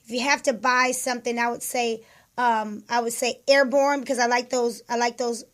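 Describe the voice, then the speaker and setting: A woman with a high voice co-hosts a talk radio show. She sounds slightly hoarse and chats as she hands out advice. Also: level tone, normal speed, fairly bright tone. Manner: chatty, giving advice.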